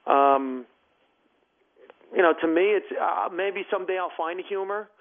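An emphatic, animated man speaks as a guest on a talk show, telling stories with punch. His voice sits high. He comes through a thin, tinny phone line. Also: brisk, creaky. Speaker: comedian and former judge, guest. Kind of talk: casual interview chat.

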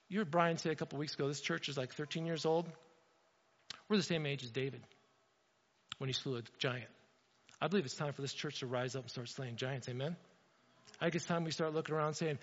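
A man's voice: a little high, brisk, fairly bright tone, long reverb tail, highs cut off. A man preaching a sermon as pastor, in a conversational way that often turns straight to the congregation. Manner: conversational, addresses the congregation directly.

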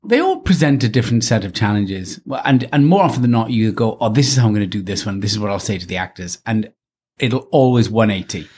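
A man with a Welsh accent, an actor who directs, chatting casually in an interview and mocking himself as he acts out quotes in high voices. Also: sing-song, fast talker, a little mellow, slightly rough.

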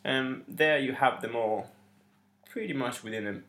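A man with a medium-pitched, fairly bright voice co-hosts a podcast at a measured pace. His casual chat is organized but hesitant, full of ums and restarts, and the recording has a roomy echo.

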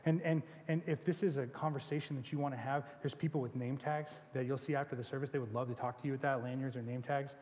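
A young adult man giving a conversational sermon in a casual, animated way. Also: mid-range voice, quick pace, hardly any pauses, in a large hall. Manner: conversational, animated retelling with acted quotes. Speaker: preacher.

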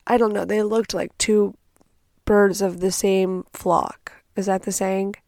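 Give me a young woman host retelling a wild story with animated, profane energy, recorded dry and close. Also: medium pitch, takes it slowly, creaky, no echo. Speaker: podcast host. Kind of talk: casual storytime monologue.

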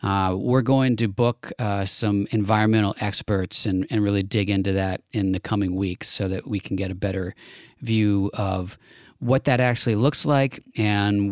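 A man's voice: lowish voice, moderate pace, no echo, studio quality. Laid-back man co-hosting a chat show. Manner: relaxed, chuckling, thinks aloud with fillers. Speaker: podcast co-host. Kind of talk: casual political chat.

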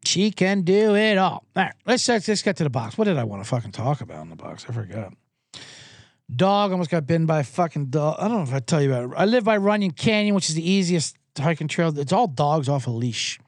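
A male sports host rambles through a casual solo monologue, cursing freely. His pitch swings widely as he talks. The sound is close and dry, with no room echo. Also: fast talker. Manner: rambling and profane, with animated impressions.

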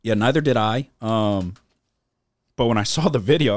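Chatting casually on his podcast, a man rambles through stories loaded with swearing and filler words. He has a fairly low pitch and a moderate pace, with no room sound in the audio.

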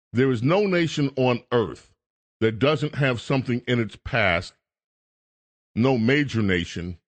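A man hosting a talk radio show, scolding and emphatic in a political commentary rant. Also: medium pitch.

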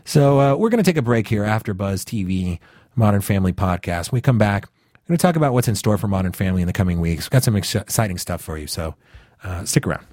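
A man's voice: lowish voice, expressive, quick pace, a little mellow, no echo, clean studio sound. A man from the northeastern United States hosting a podcast, talking casually and rambling with lots of fillers and restarts. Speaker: podcast host.

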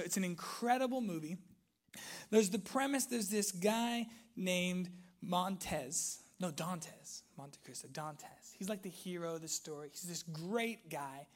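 A young male pastor delivering a sermon to a live congregation. He tells the story animatedly, rising to loud, excited peaks and sinking into soft, near-whispered passages. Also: sits high, unhurried.

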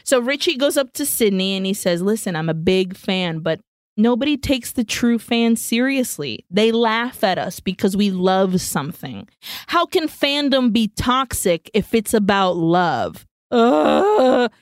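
A woman's voice: medium pitch, big pitch swings, dry recording. Woman recapping a movie plot, dry close mic. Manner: recaps plot quickly, quoting characters with asides and swearing. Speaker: podcast co-host. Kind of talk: casual movie recap chat.

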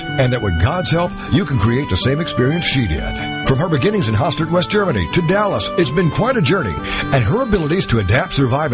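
Man, show announcer, upbeat, slightly high voice, music playing under. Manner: upbeat, sweeping announcer delivery. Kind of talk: scripted announcer intro.

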